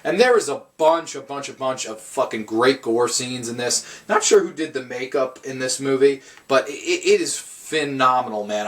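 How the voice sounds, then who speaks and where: A man's voice: mid-range voice, fairly bright tone. A man giving a casual, rambling film review, swearing often and restarting his sentences. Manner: rambling, profane, frequent restarts.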